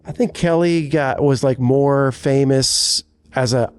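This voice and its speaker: A man's voice: medium pitch, takes it slowly, slight background noise. A man co-hosting a podcast in casual chat, rambling and correcting himself as he talks. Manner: rambling, self-correcting, chatty. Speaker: podcast co-host, country singer.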